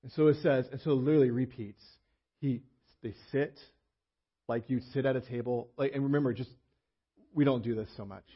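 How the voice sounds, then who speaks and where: A man's voice: medium pitch, fairly even intonation, fairly quick, pauses often, slightly rough. A male pastor giving a conversational sermon, often slipping into quoted voices of the people he describes. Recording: muffled lo-fi sermon audio.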